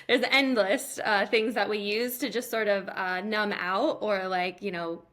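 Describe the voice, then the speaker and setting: A woman guest on an interview, talking casually about stress and gently guiding a breathing exercise, with many fillers. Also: medium pitch, a little slow. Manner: relaxed and chatty, many fillers like "like" and "you know". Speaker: somatic healing guest.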